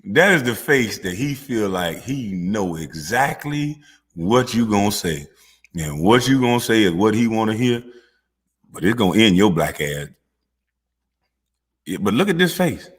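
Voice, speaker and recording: A man delivering a mocking, profane comedic commentary rant, with drawn-out hums between jabs. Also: lowish voice, very animated, breathy edge, long reverb tail.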